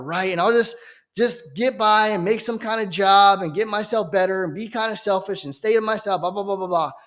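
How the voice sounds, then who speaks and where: A man's voice: high-pitched, a bit bright. A young man giving an earnest, fervent Christian testimony as a preacher, often checking in with "okay?". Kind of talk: emotional personal testimony.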